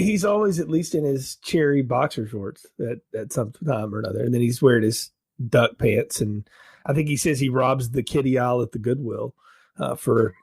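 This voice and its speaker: A podcast co-host with a husky, medium-pitched voice and a twang chats casually on a dry recording. He's an animated storyteller who laughs often.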